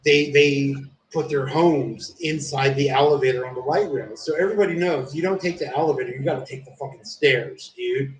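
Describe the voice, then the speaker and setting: A man's voice: mid-range voice, fairly quick, few pauses, a little hiss or hum. Profane rambling man, roomy and distant. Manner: profane, rambling, says "dude" often. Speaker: streamer. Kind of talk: casual storytelling chat.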